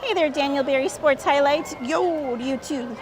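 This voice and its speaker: A woman hosting a casual live stream outdoors in a busy theme park. She chats upbeat with viewers, a little hoarse, on a handheld phone. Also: high-pitched, normal speed. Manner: chatty and upbeat, reads out viewer comments. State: slightly hoarse, voice cutting in and out. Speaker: livestream host. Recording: loud crowd and outdoor noise.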